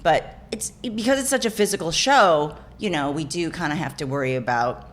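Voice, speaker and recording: Low-voiced woman telling rambling stories. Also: moderate pace. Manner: rambling, self-correcting, laughing storyteller. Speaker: actor guest. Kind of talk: casual interview chat.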